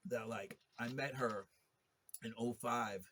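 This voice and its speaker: A man's voice: mid-range voice, fairly even intonation, slow, bright, forceful tone, slight background noise. A man in a long, rambling monologue, talking in a profane and agitated way. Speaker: interviewee telling his story.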